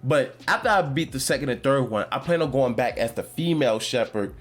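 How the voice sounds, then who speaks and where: A man talks loosely on his own podcast, wandering off topic and circling back with plenty of fillers and restarts. His voice sits at an ordinary middle pitch, relaxed and conversational. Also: a little fast. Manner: rambling, animated, many fillers and restarts. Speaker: podcast host. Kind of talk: casual gaming chat.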